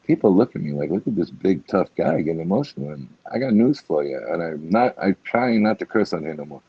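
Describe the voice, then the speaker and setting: A middle-aged man with a low, husky voice, talking bluntly and swearing freely. The recording is dull and dry. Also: expressive, brisk, dry recording. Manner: blunt, swears freely, many "you know"s. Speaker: guest. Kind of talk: emotional casual talk.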